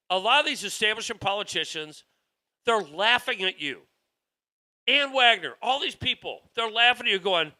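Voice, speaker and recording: A man's voice: very high voice, expressive, normal speed, bright, forceful tone. A man hosting a political talk show, delivering a rambling, heated monologue with frequent restarts. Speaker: show host.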